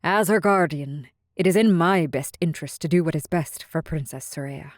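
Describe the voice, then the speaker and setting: A woman voicing a scheming male pirate king who makes formal, brisk announcements. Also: sits low, dry recording, clean studio sound, natural voice. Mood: smug.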